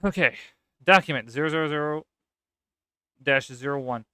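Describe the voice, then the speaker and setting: Bright clear-voiced man reading with sarcastic asides. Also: on the high side, normal speed, no room sound. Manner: sarcastic, swears, laughs at the text. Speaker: gaming content creator. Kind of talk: reading aloud with casual commentary.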